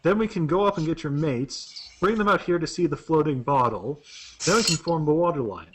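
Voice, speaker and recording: A stern, suspicious adventurer played by a man in a tabletop role-play. He speaks slowly and with a haughty edge. The delivery moves up and down with a lively pitch. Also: breathy edge. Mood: measured. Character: stern male adventurer investigating, measured and suspicious.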